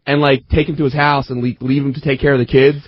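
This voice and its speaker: A man on a radio talk show, halting and filler-heavy, saying "like" a lot. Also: medium pitch, level tone. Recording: dull radio broadcast.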